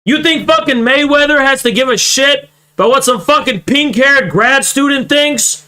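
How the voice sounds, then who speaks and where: A man's voice: very high-pitched, moderate pace, pushed and bright. A young man streaming, who reacts to a clip with mocking, profane commentary that keeps getting more heated. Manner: mocking, swearing, growing heated. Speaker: political streamer reacting to clips.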